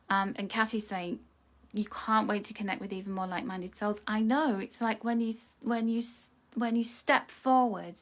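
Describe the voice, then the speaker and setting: A woman with a mid-range voice leads a live card reading from a darkened room. Her delivery is earnest and intimate, and she keeps slipping down into soft, hushed, almost whispered phrases. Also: medium pitch. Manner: soft, intimate, often dropping to a near whisper; earnest and emotional. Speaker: oracle card reader. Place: dim room lit by a starlight projector.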